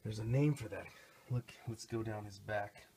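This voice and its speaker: A middle-aged man giving a casual, excitable hands-on toy review, rambling and chatting to his viewers. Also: lowish voice, normal speed, breathy edge. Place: home recording station.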